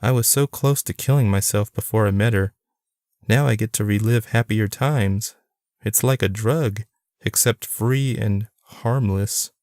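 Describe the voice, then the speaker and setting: A man's voice: fairly low pitch, measured pace, darkish tone, no room sound, studio quality, natural voice. A man voicing a friendly young woman who turns earnest and ominous, in an audiobook. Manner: playful, then earnest and ominous.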